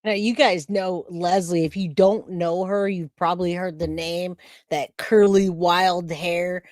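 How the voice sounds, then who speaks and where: A woman's voice: lowish voice, steady tone, a little slow, a little mellow, no room sound. A woman from California hosting a casual live stream, chatting to her viewers by name and commenting on a case. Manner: chatty, talks to chat by name. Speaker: true crime streamer host.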